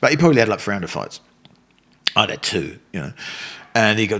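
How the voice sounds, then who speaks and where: A man's voice: fairly low pitch, a little fast, pauses often. An older man telling stories in a casual interview, swearing freely and acting out other people's voices. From England. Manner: animated storyteller, swears freely, acts out voices. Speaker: guest, Muay Thai fighter and coach.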